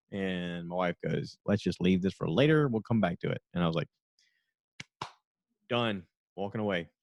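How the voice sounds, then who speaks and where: A man's voice: fairly low pitch, a little mellow, no room sound. A middle-aged man hosting a solo podcast, rambling chattily and laughing as he retells stories. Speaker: podcast host. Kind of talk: casual solo podcast recap.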